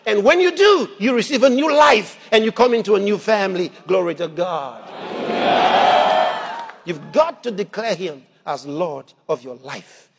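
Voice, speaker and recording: A man preaching a sermon, animated, laughing between points and rising to shouts at the peaks. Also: high voice, unhurried, background noise. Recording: long hall reverb.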